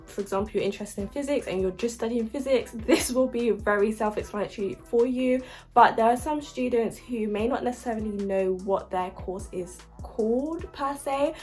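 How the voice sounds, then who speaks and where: A young woman from the UK giving casual advice about university applications, chatty and upbeat with frequent fillers. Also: medium pitch. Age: young adult. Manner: chatty and upbeat, lots of likes and ums.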